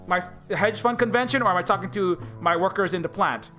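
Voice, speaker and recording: A man's voice: sits high, brisk, hardly any pauses, pushed and bright, soft background music. A man on a live stream, ranting sarcastically and mockingly, stumbling through many stammered restarts. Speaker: indie game developer streaming live. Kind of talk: rambling livestream rant.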